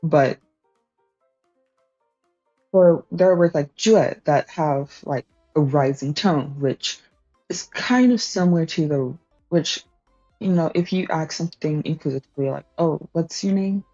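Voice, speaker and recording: A woman's voice: sits low, a little slow, pauses often, warm tone, no echo. A woman streamer casually explaining language points to her chat, chatty, with lots of fillers, laughs and swearing. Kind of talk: casual study-stream teaching. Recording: slightly dull, dry home stream mic with faint music.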